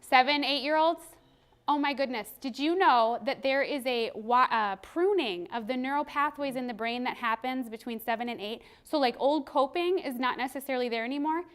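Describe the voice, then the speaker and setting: A woman in her thirties giving a workshop presentation as a trainer, animated and quick to laugh. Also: sits high, clean tone. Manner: animated, laughs often, acts out quoted voices. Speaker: parenting and behavior trainer.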